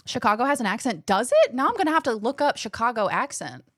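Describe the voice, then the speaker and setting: Young woman streamer, faint midwest/west coast accent, lively chatty, swears a bit, kinda high voice. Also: fast, no room sound, clean studio sound. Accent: faint mixed Midwestern and West Coast American. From Illinois, USA. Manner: chatty, animated, laughs often, swears casually. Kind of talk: casual live-stream chat, reading chat aloud.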